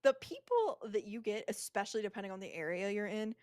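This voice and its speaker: A woman's voice: medium pitch, big pitch swings, fast, darkish tone, no room sound, studio quality. A young woman co-hosting a podcast in casual chat, sarcastic and full of slang, often laughing. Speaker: podcast co-host.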